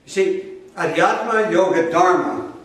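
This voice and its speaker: A fairly high-voiced man, a spiritual teacher, preaches a sermon to a live audience, driving points home with emphatic repetition and direct questions to the room. He's a little slow with a fairly bright tone, recorded from a distance in a very echoey large hall.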